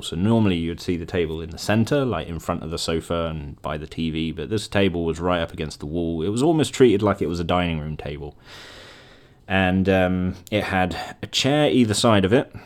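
A man's voice: low-pitched, darkish tone. A man hosting a podcast, casually retelling a dream in a rambling, chatty way and laughing at himself. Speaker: podcast host. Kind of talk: casual solo storytelling.

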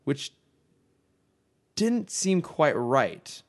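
A man's voice: on the high side, huge pitch swings, very slow. A man co-hosting a podcast, chatting casually and laughing easily as he recaps episodes. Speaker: podcast co-host. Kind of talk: casual chat.

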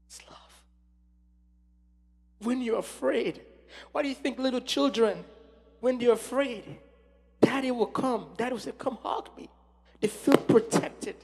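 A man preaching a sermon with passion, swinging from loud exclamations to hushed tones. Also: sits high, vocal fry, husky. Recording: long hall reverb.

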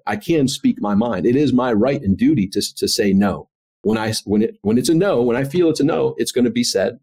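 A man's voice: mid-range voice, darkish tone, breathy edge. A man who is a guest on a podcast, speaking earnestly and reflectively in casual conversation. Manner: earnest, reflective, faith-centered. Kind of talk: casual interview chat.

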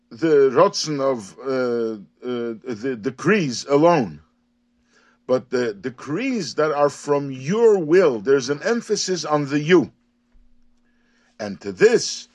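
A man teaching a daily Hasidic text, reading Hebrew and phrases and then translating and explaining them rising emphasis. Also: a little high. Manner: animated, rising and emphatic on key words. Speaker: Torah teacher.

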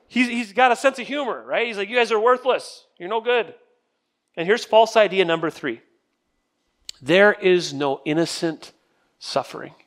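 A man's voice: high-pitched, a bit bright. A man teaching a casual sermon-style Bible study, reading scripture dramatically and asking the group questions. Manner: conversational, asks the group questions. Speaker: pastor.

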